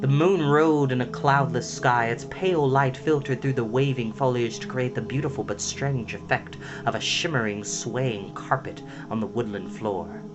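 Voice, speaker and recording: A man's voice: medium pitch, moderate pace, few pauses, dull audio. A man reading a children's novel aloud with dramatic expression. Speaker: storyteller. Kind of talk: storybook read-aloud. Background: music.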